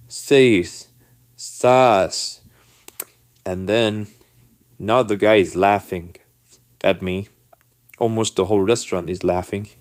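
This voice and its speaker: Deep-voiced man telling a story. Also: no echo. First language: not English. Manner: animated, acts out the people in his story. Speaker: vlogger telling a personal story. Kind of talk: casual storytelling to camera.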